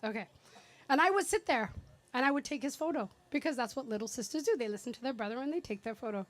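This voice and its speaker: A woman's voice: sits high, expressive, quick pace, dry recording. A woman in her thirties giving a chatty, rambling, affectionate birthday speech for her brother at a party. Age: 30s. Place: party venue.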